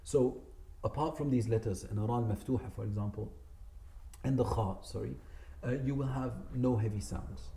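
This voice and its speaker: Patient man teaching recitation, dark voice. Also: medium pitch, normal speed, gravelly. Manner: patient, corrects common mistakes, drawls demonstrated words. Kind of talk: spoken lesson with slow demonstrations of recitation. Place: community centre room. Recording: echoey room.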